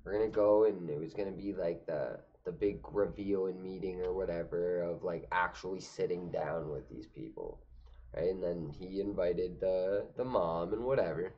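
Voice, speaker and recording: In a deep voice at a moderate pace, a young man rambles through a funny story from his own life. He curses freely and fills it with filler words and restarts, captured on a dull lo-fi recording.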